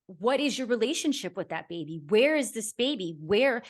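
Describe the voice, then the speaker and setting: A young adult woman hosting a podcast, talking in an earnest, reflective way that often drifts softer. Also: fairly high pitch, animated, moderate pace. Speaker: podcast host. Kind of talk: heartfelt conversational podcast chat.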